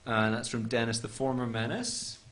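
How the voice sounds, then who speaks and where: A man's voice: mid-range voice, steady tone, normal speed, very noisy. A man hosting a comedy talk show, reading viewer notes in a dry, mock-formal way.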